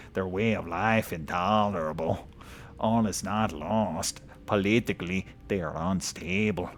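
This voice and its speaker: A man's voice: low-pitched, a little hiss or hum, pitched below the performer's own voice. A man reading a letter aloud in the voice of a scheming male spy, putting on an accent in a mock-formal manner. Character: scheming male spy writing a secret report.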